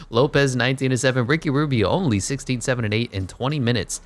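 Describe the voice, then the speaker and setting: Man, gaming commentator, relaxed wry delivery, mid-pitched voice. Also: quick pace. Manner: wry, joking asides. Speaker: gaming YouTuber. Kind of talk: casual play-by-play commentary over a basketball video game.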